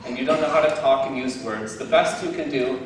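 A man's voice: medium pitch, a little fast, noisy background. A man giving a casual faith talk outdoors, playful and self-mocking, often laughing at himself. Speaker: lay speaker giving a devotional talk. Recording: very echoey, distant from the mic.

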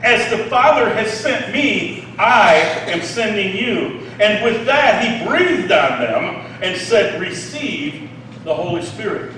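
A man preaching a sermon, reading scripture and explaining it with animated asides, often asking "Okay?". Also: high-pitched, takes it slowly, very echoey, distant mic, slight background noise, rough recording.

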